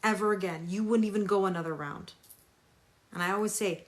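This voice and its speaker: A woman's voice: fairly low pitch, fairly even intonation, a little fast. A woman tarot reader on a live stream, talking emphatically, repeating phrases for stress and greeting viewers by name.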